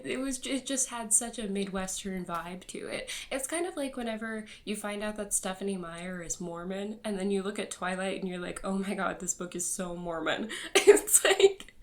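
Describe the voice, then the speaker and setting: Young woman, book reviewer, casual rambling chat, frequent laughs, lots of fillers, average pitch. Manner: chatty, rambling, laughs often, many fillers.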